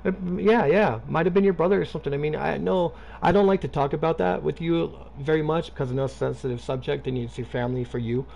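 A man's voice: fairly high pitch, fairly even intonation, fast talker, gravelly, few pauses, darkish tone, lo-fi sound. A man streaming a video game, chatting casually and rambling with lots of swearing. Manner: profane, rambling, talking to a friend. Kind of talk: casual gaming stream chat.

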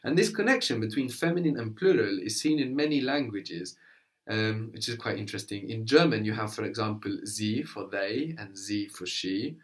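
A man's voice: on the low side, lively intonation, normal speed. A man teaching a language one-to-one, prompting his student with questions and brief praise.

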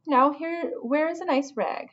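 A woman's voice: high-pitched, measured pace, fairly bright tone, highs cut off, pitched above the performer's own voice. A woman voicing a plump, motherly female porcupine cook who fusses and calls everyone dear. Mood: fussing.

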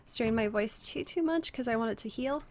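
A young woman chats casually with viewers while streaming a game through a headset, greeting people by name and reading their messages aloud. Her fairly high voice moves at a normal pace and sounds a little strained, as if she's resting it, with a faint hiss or hum underneath.

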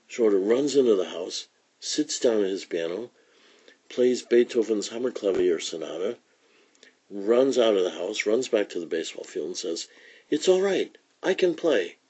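A man reads a comic book aloud for young children in a relaxed storytelling manner. His voice is low and deep, with a husky grain. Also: moderate pace. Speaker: reader. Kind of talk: children's read-aloud narration.

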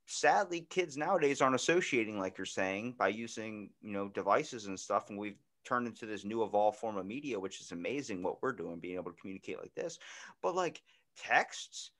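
A man hosting a podcast in casual chat, telling stories with lively acted-out voices and plenty of swearing. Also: fairly low pitch, brisk. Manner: animated storyteller acting out voices, swears freely. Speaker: podcast host.

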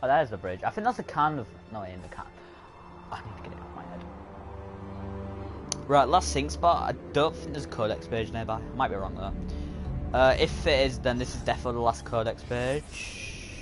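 A man rambles and corrects himself as he plays, in a casual streaming voice of middling pitch. Game music plays clearly behind him. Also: lively intonation, moderate pace. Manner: chatty, rambling, self-correcting. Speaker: gaming streamer. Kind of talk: casual let's-play commentary.

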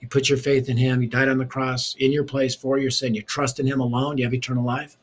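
A man who is a preacher and author, telling his life story as a guest in an interview in a lively, punchy way with touches of humor. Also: medium pitch, fast talker.

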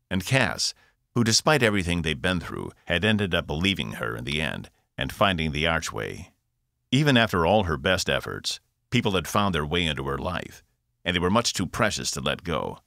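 Male author-narrator, deep voice, very expressive pitch. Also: moderate pace, vocal fry, no room sound, studio quality. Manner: expressive, varied delivery. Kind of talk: scripted narration.

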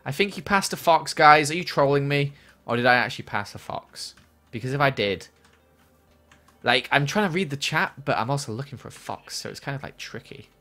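A man's voice: medium pitch, animated, brisk, bright, forceful tone, soft background music. A young man streaming a game, chatting casually and answering chat questions from a small room at home. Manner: chatty, reads chat aloud and answers while playing.

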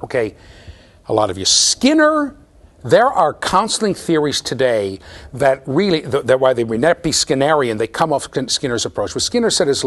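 Animated man lecturing a class. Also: medium pitch, moderate pace. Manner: animated, checks in with students, repeats words. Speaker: university lecturer.

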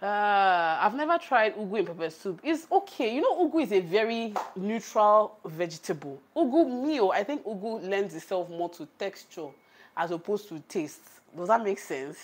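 A woman's voice: medium pitch, animated, normal speed, slightly rough. A woman with a Nigerian accent who is chatty and laughs often. She cooks on camera, reads out the live chat and talks to her viewers. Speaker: cooking vlogger. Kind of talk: casual chat on a cooking livestream. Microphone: camera on a tripod.

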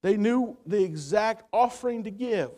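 A male pastor preaching a sermon, rising to loud emphatic peaks and dropping to quiet low passages, with repeated words as he gathers his thoughts. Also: animated, normal speed. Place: church sanctuary.

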